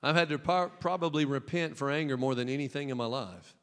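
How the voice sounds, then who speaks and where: A man preaching a Pentecostal sermon as pastor, emphatic and joking, dropping to a hush and then rising to loud cries. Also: fairly high pitch, a little fast, clear, resonant tone. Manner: emphatic, swinging from hushed to loud, joking asides. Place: church sanctuary with balcony. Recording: long church hall reverb.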